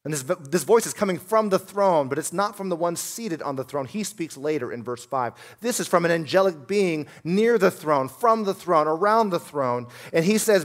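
Guy pastor preaching, kinda high voice, goes quiet then gets loud and punchy. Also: expressive, moderate pace, hardly any pauses. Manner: earnest, swings from hushed to loud emphasis. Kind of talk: sermon.

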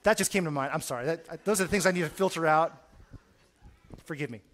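A middle-aged man preaching a sermon in an earnest way, repeating words as he starts phrases and swinging from quiet to loud. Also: fairly high pitch, fast.

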